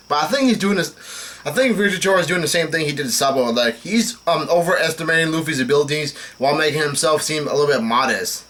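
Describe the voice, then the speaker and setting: Fast and casual, a young manga reaction host with a bright, forceful, slightly high voice works through a comic, voicing the characters in a flat tone. Names trip him up, and frequent "uh"s, "um"s and restarts interrupt his reading.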